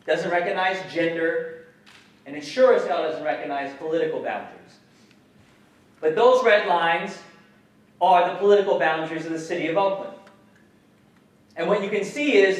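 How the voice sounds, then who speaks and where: A man giving a public lecture as an educator, animated, questioning the audience and swearing casually. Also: high-pitched. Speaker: guest speaker, educator. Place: lecture hall. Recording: echoey hall, mic some distance off.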